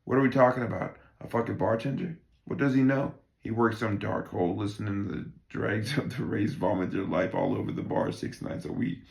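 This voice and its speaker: A man's voice: lowish voice, a little fast, vocal fry, hardly any pauses. A man cold-reading a play, playing a crude, belligerent working-class man who rambles and swears constantly. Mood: ranting. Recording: roomy echo.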